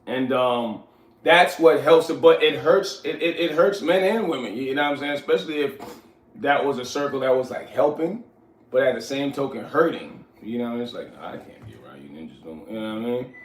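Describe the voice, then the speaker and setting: A man, telling stories from his youth in casual, animated talk, often asking "you know what I'm saying". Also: mid-range voice, moderate pace. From New York. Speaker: host. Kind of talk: casual storytelling. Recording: echoey room, far from mic.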